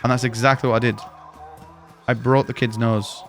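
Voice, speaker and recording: A man's voice: medium pitch, little pitch movement, moderate pace, faint music behind. A man, a game streamer casually telling rambling stories and swearing freely. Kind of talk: casual chat while gaming.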